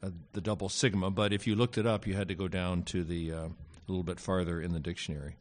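A man with a fairly low voice lectures on Greek grammar to a class. He speaks haltingly, filling pauses with fillers and slipping in wry asides. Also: little pitch movement. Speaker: Greek teacher.

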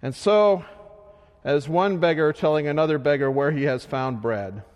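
A man preaching a sermon in a slow, measured way, his voice swelling loud and then sinking soft. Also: a little high. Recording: long hall reverb.

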